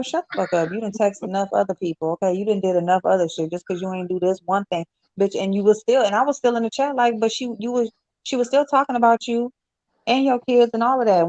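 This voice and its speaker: Brash, profane woman on a livestream. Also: dry recording. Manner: animated, profane, mimics others with high-pitched voices. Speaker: livestream panel host. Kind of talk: casual livestream chat. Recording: dull lo-fi stream audio.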